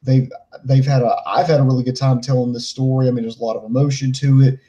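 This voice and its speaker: Calm, mellow-voiced podcast man. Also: mid-range voice, fast talker, highs cut off. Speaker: podcast co-host. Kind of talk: casual podcast chat.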